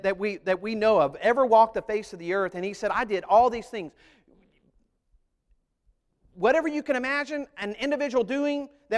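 Preacher, fairly high voice, lively and theatrical, long hall reverb. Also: male voice. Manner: animated, acts out voices and sings snippets. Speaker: pastor. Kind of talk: sermon.

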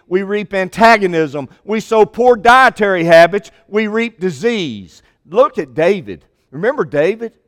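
A man preaching a sermon with an emphatic, repetitive cadence, slowing down to stress key lines. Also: high voice. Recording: long hall reverb.

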